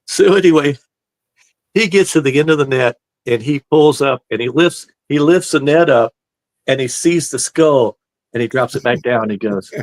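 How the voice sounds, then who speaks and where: A man's voice: medium pitch, moderate pace, dry recording. A man telling a long prank story in a casual, rambling chat, looping back with "so anyway" between beats. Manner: rambling, animated anecdote-telling with "so anyway" asides. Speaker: show guest telling stories.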